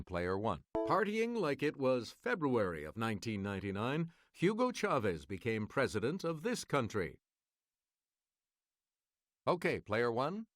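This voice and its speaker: A man hosting a game show, reading quiz clues in a measured, formal manner. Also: mid-range voice, no room sound, clean studio sound.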